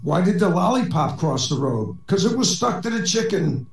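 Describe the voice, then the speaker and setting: A man's voice: high-pitched, big pitch swings, moderate pace, creaky, reverberant, far from the mic, rough recording. A man telling corny jokes in a voice chat comedy set, with dry delivery as a robot persona. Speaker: stand-up comedian.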